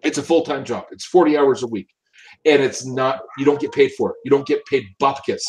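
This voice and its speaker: A man's voice: medium pitch, a little fast, a little hiss or hum, low-quality recording. A man giving opinionated casual commentary, emphatic and often repeating and restarting his words. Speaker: political commentator.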